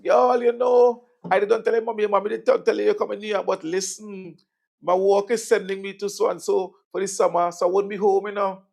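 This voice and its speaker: A man's voice: a little fast, gravelly. A man voicing a gossipy Caribbean auntie living overseas, talking in a chatty, confiding way. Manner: chatty, confiding, high and animated.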